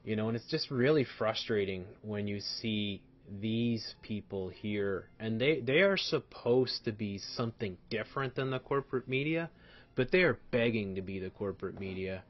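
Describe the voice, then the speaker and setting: A man's voice: fairly low pitch, moderate pace. Furious ranting man, dull lo-fi sound. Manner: furious, profane, repeats himself, swings between shouting and muttering. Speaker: commentator reacting to a video. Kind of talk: angry ranting commentary.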